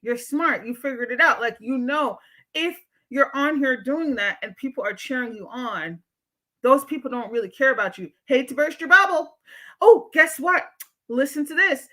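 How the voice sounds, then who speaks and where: A blunt, profane woman hosts a casual livestream and lectures her viewers directly. Her voice is bright and forceful, with an edge that cuts through. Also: high voice, animated, moderate pace. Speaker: livestream show host and therapist. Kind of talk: casual livestream commentary, reading chat comments.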